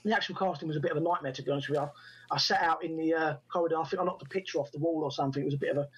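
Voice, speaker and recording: Fast-talking husky-voiced man. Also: a little high, highs cut off. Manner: animated anecdotes, acts out quoted dialogue. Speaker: actor and writer guest. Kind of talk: storytelling in a podcast interview.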